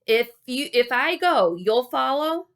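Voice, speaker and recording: A woman's voice: high voice, big pitch swings, slow, voice pushed up, exaggerated voice. Wally, a nervous young boy, as a woman reads him. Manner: nervous yelling.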